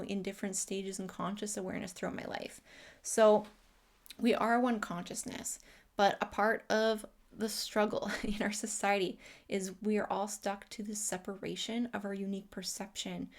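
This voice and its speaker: A woman hosting a spiritual self-help talk, speaking in an earnest, heartfelt way with many "you know" fillers. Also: mid-range voice. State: emotional, near tears. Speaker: host.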